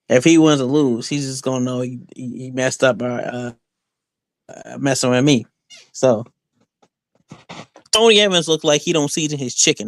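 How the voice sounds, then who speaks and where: A man with a medium-pitched voice, guesting as a wrestler on a casual podcast interview, rambles through boastful trash talk full of fillers and restarts. There is no room sound.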